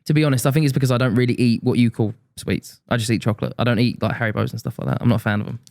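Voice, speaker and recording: A man's voice: medium pitch, steady tone, racing, creaky, darkish tone. A man with an Essex accent, a podcast guest chatting casually with matey, laid-back banter in a studio. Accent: British English, Essex. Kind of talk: casual chat.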